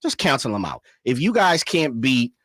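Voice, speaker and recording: A man's voice: mid-range voice, sing-song, moderate pace, fairly bright tone, husky, no room sound, studio quality. A man co-hosting a casual sports talk show, emphatic and colloquial. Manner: emphatic, colloquial, uses boxing and horse imagery. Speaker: co-host.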